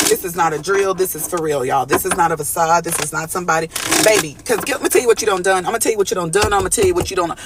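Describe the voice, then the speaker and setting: A high-pitched man delivers a collective tarot reading at a rapid clip. He is animated and slangy, calling out to his viewers as he talks from a studio. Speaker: tarot reader.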